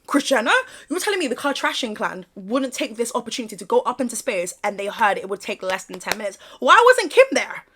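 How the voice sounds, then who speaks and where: A young woman with a British accent that slips now and then toward Australian, talking in a sassy, sarcastic vlog style. Her voice sits a little on the high side, and her asides are animated and teasing. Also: brisk, husky. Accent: British, slipping into Australian. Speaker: vlogger. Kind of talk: casual commentary vlog.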